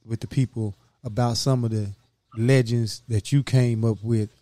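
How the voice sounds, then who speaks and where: A man hosting a podcast, affirming his guest and leading into a question with halting fillers. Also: mid-range voice, steady tone, warm tone, dry recording. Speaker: podcast host. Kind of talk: interview questions.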